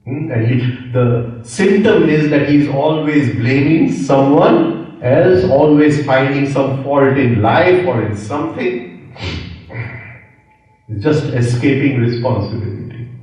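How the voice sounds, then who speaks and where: A man's voice: medium pitch, slow, a little mellow. A middle-aged man giving a spiritual lecture as a yoga teacher, talking reflectively, repeating key phrases and checking in with his listeners. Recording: very echoey room, mic far off.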